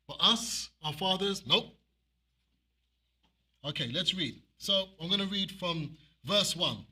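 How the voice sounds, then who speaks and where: A man preaching an animated sermon and reading scripture aloud, with emphatic repeated phrases. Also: high voice, slow, husky.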